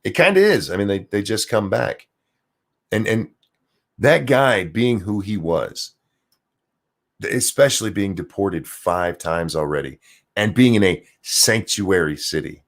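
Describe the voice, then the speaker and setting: Low-pitched and animated, a man speaks at a measured pace while hosting a ranting political commentary livestream from home, with geese nearby outdoors. He swears freely and reads viewer donation messages aloud.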